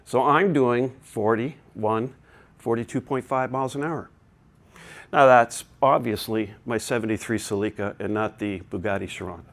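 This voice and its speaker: A man's voice: medium pitch, normal speed, a bit bright. Chatty man giving a conference talk. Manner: chatty, digressive, joking asides. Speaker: conference presenter. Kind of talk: technical talk to a live audience. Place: conference hall.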